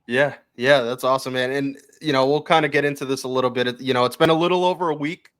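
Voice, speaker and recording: A man's voice: medium pitch, steady tone, fast talker, fairly bright tone, smooth. A man hosting a hockey podcast, asking chatty questions full of fillers. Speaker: podcast host. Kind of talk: casual podcast interview.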